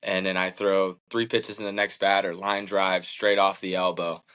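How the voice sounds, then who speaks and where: A man's voice: sits low, flat delivery, moderate pace, a bit bright, clean tone, low-quality recording. A man in his thirties, a professional athlete as interview guest, telling his story earnestly and reflectively, with many fillers like "like" and "man". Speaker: professional baseball pitcher, guest.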